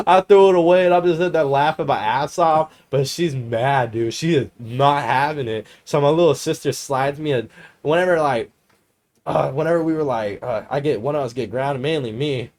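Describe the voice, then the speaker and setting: A man's voice: a little high, normal speed, a little mellow. Profane young man telling rambling stories. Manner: profane, rambling storyteller who laughs often. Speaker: podcast co-host. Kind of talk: casual chat, storytelling.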